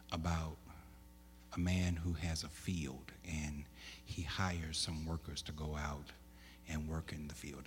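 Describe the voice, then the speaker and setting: A man preaching a sermon, with loud emphatic bursts, stammered restarts and questions to the congregation. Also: very deep voice, slight background noise. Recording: echoey hall.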